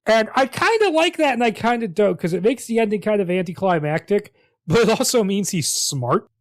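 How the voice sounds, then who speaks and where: A man's voice: high voice, expressive, fairly quick, no room sound, clean studio sound. A man co-hosting a podcast, casually recapping a screenplay in a wry, chatty way with bursts of laughter. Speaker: podcast co-host. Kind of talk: casual chat summarizing a screenplay.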